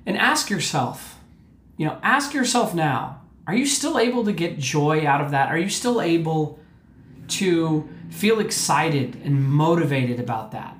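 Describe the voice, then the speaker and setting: A man's voice: fairly high pitch, expressive, unhurried, fairly bright tone. Chatty man on a roomy podcast. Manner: conversational, keeps checking in with "right?" and "okay?"; repeats words and restarts often. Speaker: clinician speaking to homeless shelter residents. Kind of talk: informal health talk podcast.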